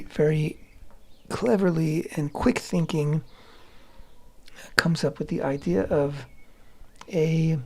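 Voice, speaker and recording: Gravelly, husky man explaining scripture. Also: a little high, darkish tone. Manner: explanatory, glossing Hebrew terms with frequent restarts. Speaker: radio show co-host. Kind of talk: Torah commentary talk.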